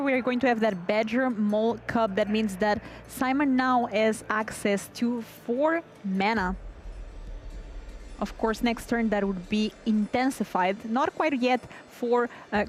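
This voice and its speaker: A woman co-commentating a card game match in a chatty, playful way, narrating the plays. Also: a little high. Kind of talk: live esports commentary. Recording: faint background noise.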